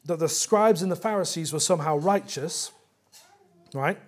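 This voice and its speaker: Guy with a high voice preaching, walks through bible verses, gets emphatic. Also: darkish tone, slightly rough. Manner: earnest expository preaching, rising to emphatic. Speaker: pastor. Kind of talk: sermon.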